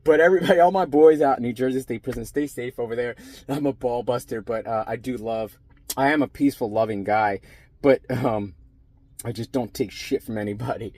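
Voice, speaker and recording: A man's voice: medium pitch, darkish tone. A middle-aged man, a former prison sergeant, ranting casually and profanely to camera, rambling and blunt.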